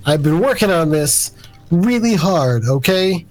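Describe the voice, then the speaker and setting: A man voicing an enthusiastic teenage superhero boy in a tabletop game, talking with eager excitement. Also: on the high side, measured pace, low-quality recording.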